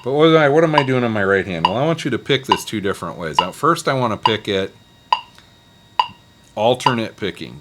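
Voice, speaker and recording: A man teaching a casual guitar lesson, talking students through a scale in a relaxed, encouraging way and counting picking strokes aloud. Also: fairly low pitch, brisk. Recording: loud guitar playing underneath.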